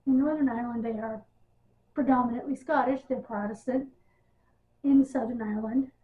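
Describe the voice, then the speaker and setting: A woman's voice: fairly high pitch, fairly even intonation, moderate pace, long pauses. A woman giving a casual, exasperated wrestling news rant, sarcastic and full of ums. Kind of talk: casual ranting monologue. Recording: tinny phone-like audio.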